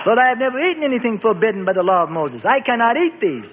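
Man doing a devout apostle, earnest and agitated, high voice, tinny radio sound with faint hiss. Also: sing-song, a little fast. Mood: horrified. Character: devout anxious male apostle, protesting. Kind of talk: radio Bible drama reading. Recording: tinny phone-like radio recording with reverb.

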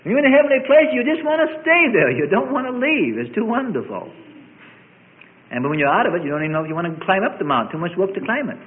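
A man preaching a sermon, building to emphatic peaks and dropping to soft, conversational asides. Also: high voice, big pitch swings, quick pace. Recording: tinny phone-like recording.

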